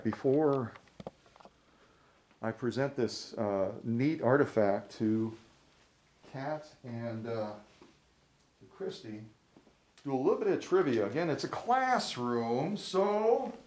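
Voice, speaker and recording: A man's voice: medium pitch, darkish tone. A middle-aged man hosting a fundraiser livestream, chatty and folksy, rambling through trivia in a casual way. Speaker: fundraiser host.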